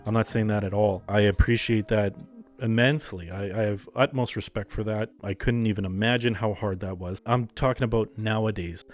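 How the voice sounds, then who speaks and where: A man's voice: lowish voice, fairly even intonation, a little fast, faint music behind. A man hosting a casual comedic podcast, ranting in a profane, jokey way. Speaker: podcast host.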